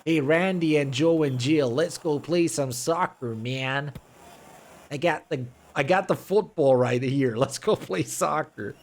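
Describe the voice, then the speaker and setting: A man's voice: on the high side, a little slow, voice pushed up. A man voicing a goofy young American bro with an exaggerated, drawling voice, calling his buddies over to play.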